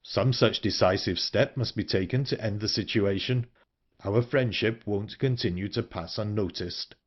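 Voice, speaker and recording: A man voicing a grave, reserved man in an audiobook, speaking low and slowly. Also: dull audio, natural voice. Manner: low, slow, restrained. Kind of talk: audiobook character reading.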